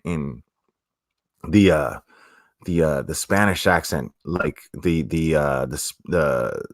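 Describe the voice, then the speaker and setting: Low-voiced man with a South Florida accent. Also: a bit bright, no echo, clean studio sound. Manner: rambling and profane, with many restarts. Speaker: streamer. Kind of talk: casual livestream chat, reading comments.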